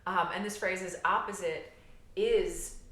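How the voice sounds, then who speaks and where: A woman therapist guiding a somatic healing exercise, calm and gentle, explaining step by step with frequent fillers. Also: on the low side, slow pace, echoey room.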